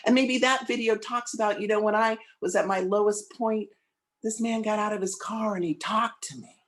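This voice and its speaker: A man's voice: high-pitched, steady tone, fairly bright tone. Man giving a heartfelt storytelling sermon. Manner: heartfelt storytelling with slow emphatic pauses. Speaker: guest speaker.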